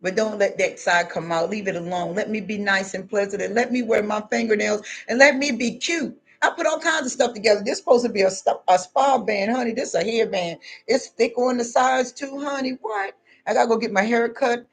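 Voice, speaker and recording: A woman's voice: a little high, fairly quick. A woman vlogger giving a preachy spiritual pep talk to her viewers, emphatic and repetitive, with casual slang. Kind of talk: preachy motivational monologue.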